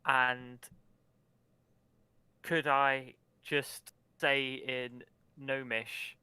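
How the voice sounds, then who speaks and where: A man's voice: medium pitch, flat delivery, very slow, pushed and bright, clean tone, no room sound. A man playing a character at a tabletop game, hesitant and apologetic with stammered restarts. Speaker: player.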